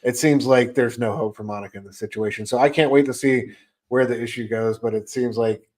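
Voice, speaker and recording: A man's voice: medium pitch, steady tone, brisk, a little mellow. A man co-hosting a podcast, casually and animatedly retelling a comic's plot and acting out the characters' lines. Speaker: podcast co-host. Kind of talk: casual comic book discussion.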